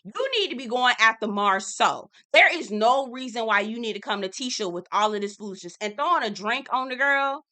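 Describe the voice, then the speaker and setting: A woman's voice: fairly high pitch, animated, brisk, few pauses, pushed and bright. A young adult woman hosting a casual, sassy recap of a reality show, talking straight to viewers and laughing often.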